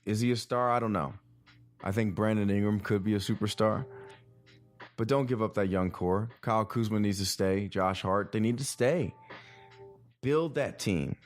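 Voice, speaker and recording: A man hosting a podcast in a rambling, excitable, profane casual chat. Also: lowish voice, moderate pace, soft background music. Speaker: podcast host.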